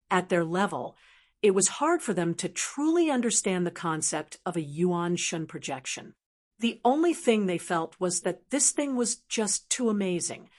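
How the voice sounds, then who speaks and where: A woman narrating a translated fantasy novel as an audiobook in an even, steady storytelling manner. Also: mid-range voice. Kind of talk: scripted narration.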